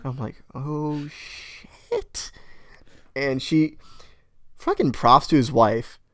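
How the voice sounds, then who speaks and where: A man's voice: medium pitch, a little slow, no room sound, studio quality. A young man co-hosting a podcast, telling a story in casual chat, swearing often and acting out what people said. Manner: profane, animated storyteller who acts out quotes. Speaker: podcast co-host. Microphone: headphones and mic.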